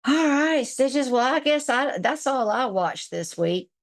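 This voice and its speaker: A woman's voice: high voice, lively intonation, measured pace. Blunt, profane woman livestream host. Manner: blunt and profane, laughs often. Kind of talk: casual livestream chat reading viewer comments.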